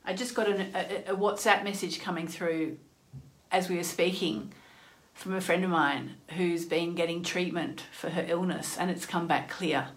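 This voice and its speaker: A woman's voice: lowish voice, fairly even intonation, normal speed. A woman chatting earnestly into her phone as the host of an astrology livestream, with many "you know" asides. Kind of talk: casual livestream chat.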